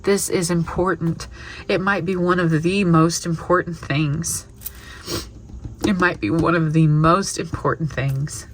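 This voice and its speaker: A woman gives a spiritual tarot reading to her viewers, her voice sitting a little low for a woman. She is tearful and emotional throughout, gushing with heartfelt affirmations. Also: steady tone, measured pace, slight background noise. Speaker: tarot reader.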